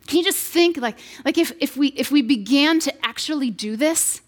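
A woman's voice: high-pitched, animated, normal speed. A woman in her thirties giving an earnest, conversational devotional talk to mothers, with frequent restarts and playful asides. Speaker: speaker addressing mothers. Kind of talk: sermon-style devotional talk.

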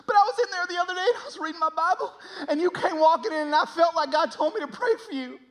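A man voicing a wide-eyed, excitable redneck stranger who shouts and repeats himself breathlessly. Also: very high-pitched, fast talker, pitched above the performer's own voice. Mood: gushing.

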